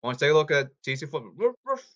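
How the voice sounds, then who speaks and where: A man's voice: mid-range voice, steady tone, very fast, a bit bright, dull audio. A man talking casually to his audience, rambling and repeating himself as he jumps between topics. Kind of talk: casual rambling talk to camera.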